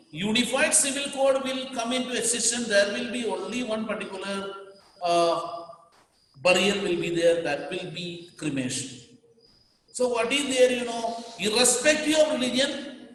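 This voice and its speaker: A male teacher with an Indian English accent gives a classroom lecture and stops to define each term. He repeats key words so students can write them down, and his voice sits fairly high for a man. The recording is very echoey, with a long hall-like reverb. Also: a bit bright.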